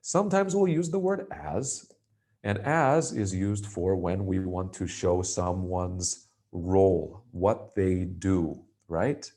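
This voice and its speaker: A man from the United States, an English teacher, giving a relaxed grammar lesson and checking in with "right?" after each point. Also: deep voice, takes it slowly.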